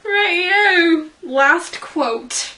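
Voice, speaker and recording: Young woman, fan vlogger, slow giggly ramble, bright tone. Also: very high-pitched, expressive, rough recording. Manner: giggly, rambling, self-deprecating. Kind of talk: casual chat.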